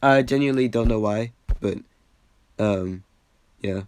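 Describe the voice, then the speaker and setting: A young man casually rambling over an old video, packed with "like" fillers and the odd swear, getting excited and then trailing off. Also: lowish voice, measured pace, no echo. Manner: excitable bursts, trails off with a quiet "yeah". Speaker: reaction video host.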